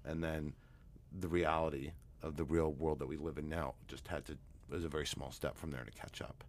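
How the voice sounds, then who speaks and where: Very deep-voiced man telling a story. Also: normal speed, a little hiss or hum. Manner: relaxed, rambling anecdote with fillers. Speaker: guest, hypnotherapist. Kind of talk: storytelling interview talk.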